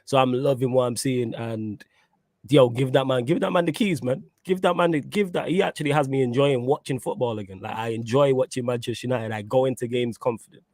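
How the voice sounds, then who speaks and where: A man's voice: medium pitch, a little fast, a little mellow, no room sound. A man hosting a casual football chat, laid-back and reading out viewer comments. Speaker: host.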